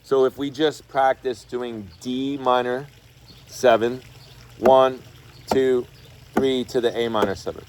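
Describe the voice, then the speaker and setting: A man's voice: mid-range voice, steady tone, slow. A man teaching an online guitar class in a casual, chatty way, scatting rhythms as he explains chords. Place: home studio over video call. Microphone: video call. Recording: loud guitar under the voice. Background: guitar playing.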